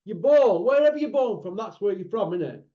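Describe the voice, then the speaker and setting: South Yorkshire man, podcast host, blunt and chatty, lightish pitch, muffled lo-fi sound. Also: expressive. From South Yorkshire, England. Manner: blunt, opinionated, quick quizzing. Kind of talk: casual chat.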